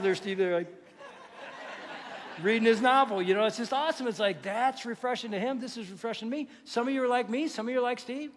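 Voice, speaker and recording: A man preaches a sermon from a church stage, his voice sitting high for a man. He is lively and joking, stopping often to quiz the congregation. The sound carries a long reverb. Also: fast, a little hiss or hum. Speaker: pastor. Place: church sanctuary.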